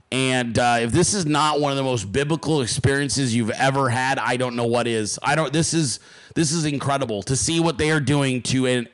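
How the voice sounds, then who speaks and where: A man hosting his podcast, delivering a heated political rant full of profanity and emphatic repetition. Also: mid-range voice. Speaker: podcast host.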